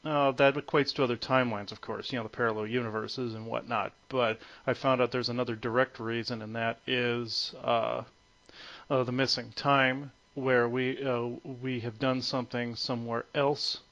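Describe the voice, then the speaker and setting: A man of medium pitch speaks as a guest on a call, halting often on fillers and restarting his sentences. His voice comes through dull and muffled, like lo-fi phone audio. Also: flat delivery, a bit bright. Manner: hesitant, many fillers and restarts. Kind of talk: conference call interview.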